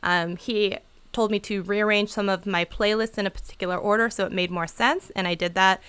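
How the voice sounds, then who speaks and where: A woman's voice: medium pitch, steady tone, fairly quick, a bit bright, smooth. A woman chatting casually on a livestream, giving channel advice in a bubbly, talkative way and laughing often. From Seattle area.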